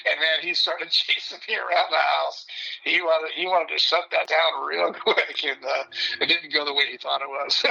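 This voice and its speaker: A man guest telling his life story candidly, in a blunt and animated way. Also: on the high side, moderate pace, vocal fry, muffled recording. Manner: blunt and animated, breaks into laughter.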